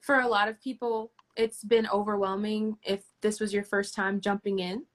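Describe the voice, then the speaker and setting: A woman's voice: mid-range voice, level tone, normal speed. A woman answering as a guest in a livestream interview, earnest and encouraging, with restarts.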